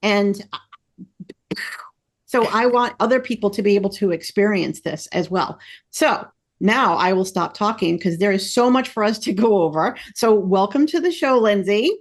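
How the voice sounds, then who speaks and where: Excitable lady podcast host, gushing and rambly, kinda mid pitch. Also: moderate pace. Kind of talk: casual interview chat.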